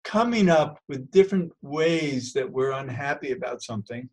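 A man's voice: mid-range voice, animated, moderate pace, a little mellow. A man co-hosting a tapping lesson, asking brief questions and adding short affirmations.

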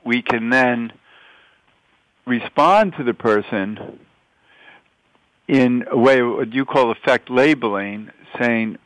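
A man's voice: medium pitch, slow, pauses often, a bit bright, dry recording, rough recording. Man hosting, summing up the guest's points. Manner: affirming, summarizes the guest's points. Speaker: host. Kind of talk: conversational interview.

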